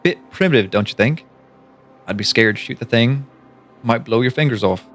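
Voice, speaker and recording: A man's voice: medium pitch, animated, normal speed, a bit bright. A man doing a cocky Irish thug in cop gear. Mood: mocking. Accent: put-on Irish. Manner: taunting, swaggering.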